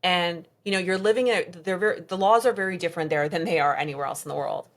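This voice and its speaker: Low-voiced woman telling a painful story. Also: fast talker. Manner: quotes others in her story, voice drops low and soft at hard moments. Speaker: podcast guest. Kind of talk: emotional personal storytelling.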